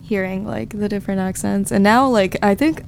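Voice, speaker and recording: A woman's voice: medium pitch, brisk, creaky, slight background noise. A young woman from Virginia, a touring musician, chatting casually on a podcast and laughing often. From Virginia, US East Coast. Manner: laughs often, self-deprecating.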